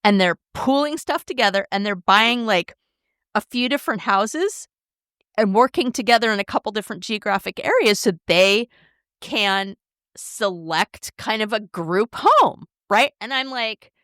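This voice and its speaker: A middle-aged woman in casual podcast chat, frank and lively, leaning on "like" and "right?" as she talks. Her voice sits at a middling pitch, recorded dry and close with no room sound. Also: a little slow, dry recording. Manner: candid, animated, says "like" and "right?" a lot. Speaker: podcast co-host.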